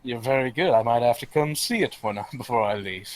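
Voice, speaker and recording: A man as a player in a tabletop role-playing game, calmly describing what his character does. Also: medium pitch, brisk, low-quality recording. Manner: relaxed, describes his actions.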